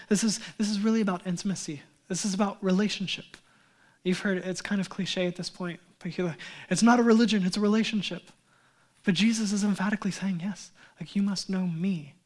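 A male pastor preaching a sermon in an earnest way, rising to loud emphatic runs and dropping to soft low lines, often restarting and repeating words.

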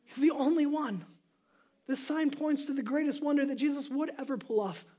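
A male pastor giving a sermon, moving from casual storytelling to loud, emphatic preaching. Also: very high voice, normal speed.

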